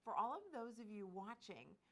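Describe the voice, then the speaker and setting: A woman hosting a live shopping stream, bubbly and quick to laugh, with lively sales patter. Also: medium pitch. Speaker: shopping channel host.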